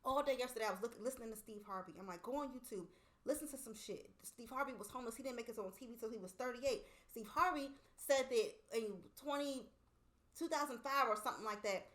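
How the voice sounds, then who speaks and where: Woman co-host, relaxed chatty storyteller who curses freely and acts out quotes, slightly high pitch. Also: brisk. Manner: animated storytelling, swearing freely, acting out quotes. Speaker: podcast co-host. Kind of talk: casual chat.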